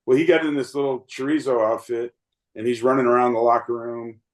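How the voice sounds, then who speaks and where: A man's voice: medium pitch, level tone, a little fast, poor audio. Earnest fifty-something man telling stories. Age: 50s. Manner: earnest, rambling, lots of fillers and restarts. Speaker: guest, baseball umpire. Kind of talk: reflective storytelling interview.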